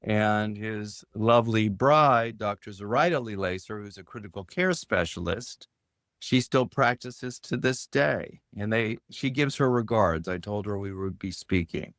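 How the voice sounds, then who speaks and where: Casting: middle-aged man, podcast guest, animated storyteller, dry close recording. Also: a little slow, no room sound. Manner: animated storyteller, lifts his pitch sharply when quoting others. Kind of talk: storytelling in conversation.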